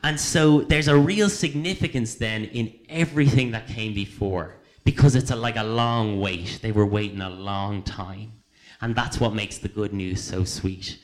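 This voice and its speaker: A man giving an informal sermon, conversational, with many fillers and restarts, quiet at times and emphatic at others. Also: lowish voice, measured pace. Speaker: preacher.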